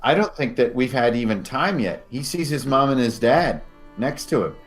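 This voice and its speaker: A man as game master, narrating scenes descriptively and slowing down for dramatic moments. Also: medium pitch, expressive, soft background music.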